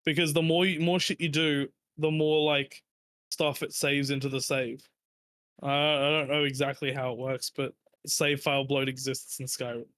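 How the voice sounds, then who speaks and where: A man's voice: mid-range voice, level tone, normal speed, fairly bright tone, dry recording. A man chatting casually on a podcast, rambling and swearing as he explains things. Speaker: podcast host. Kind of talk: casual chat.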